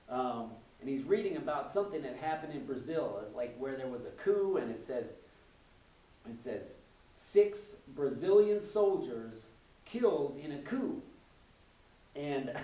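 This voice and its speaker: Animated man laughing at his own jokes. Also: on the high side, reverberant, far from the mic, low-quality recording. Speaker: teacher doing stand-up. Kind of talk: comedy routine telling jokes.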